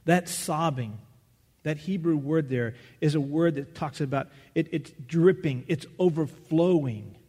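A male pastor preaches with an earnest, searching tone, often pausing and reworking a phrase. His voice sits a bit high for a man. It rings with the long reverb of a large hall. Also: dark tone, breathy edge. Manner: earnest, searching, with restarts and pauses. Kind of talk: sermon.

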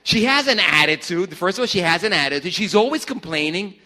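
A man preaching a sermon to a congregation in a church, animated and joking with the crowd as their pastor. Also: sits high, fairly quick. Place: church service before a congregation.

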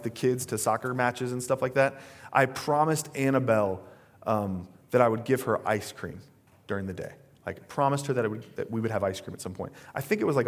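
A man in his thirties, a pastor preaching a sermon, telling stories in a relaxed conversational way with plenty of fillers and asides. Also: mid-range voice.

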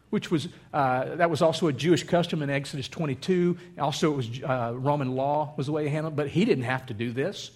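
High-voiced preacher, animated. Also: male voice, fairly quick, few pauses. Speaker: pastor. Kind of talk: sermon.

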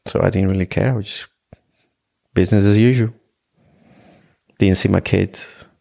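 A middle-aged man from Ecuador speaks in a low, rough voice with a lot of fry. He tells his own life story as a podcast guest, often halting and restarting. He brings the memories to life by quoting what people said. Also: steady tone, mellow. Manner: halting, repeats words, retells scenes in quoted dialogue. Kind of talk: personal testimony in a conversation.

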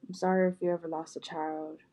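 A woman speaking gently and directly to her viewers, repeating heartfelt apologies and words of comfort. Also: lowish voice, level tone, brisk. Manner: gentle, soft-spoken, repetitive, with frequent restarts. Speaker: vlogger.

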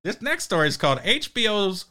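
A man's voice: sits high, big pitch swings, brisk, pushed and bright. A man with a New Jersey accent hosting a parody podcast, reading articles aloud with stumbles and crude jokes. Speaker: podcast host.

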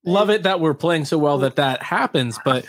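A man in casual sports chat, joking in a wry, relaxed way. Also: a little high, normal speed, no echo.

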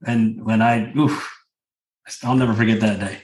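A man, a business coach, telling stories on a podcast in a lively, casual way, swearing freely and laughing often. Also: lowish voice, normal speed. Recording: roomy echo.

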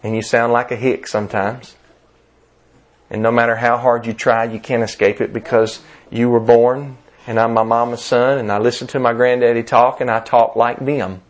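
A man's voice: mid-range voice, little pitch movement, moderate pace. Emphatic older Southern preacher man. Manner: emphatic, repetitive preaching cadence with rising stresses. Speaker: pastor. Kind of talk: sermon.

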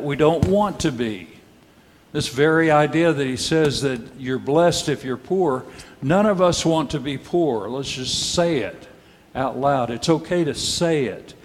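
A man preaching a sermon as pastor, measured and rhetorical, with dry, wry asides and pointed questions to the congregation. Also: fairly high pitch, a little hiss or hum. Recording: long hall reverb.

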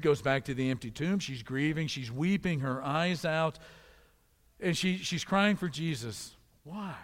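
A man preaching a sermon, moving between loud emphatic repeated calls and quiet, low storytelling. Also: big-room sound.

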